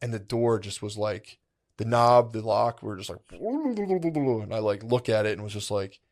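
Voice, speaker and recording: A man's voice: on the low side, animated, measured pace, darkish tone. A man co-hosting a podcast, telling a long rambling story in casual chat, full of "like" and "dude" and acting out his own past thoughts. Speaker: podcast co-host.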